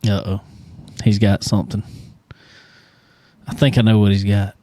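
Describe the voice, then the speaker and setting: A man co-hosting a podcast in casual chat, laughing easily and chiming in with quick reactions. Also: on the low side, little pitch movement, mellow. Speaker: podcast co-host.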